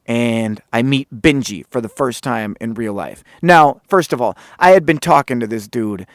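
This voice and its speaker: A man hosting a podcast, telling a story in a casual, animated, profane and sarcastic way. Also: medium pitch, moderate pace, no room sound, clean studio sound. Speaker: podcast host.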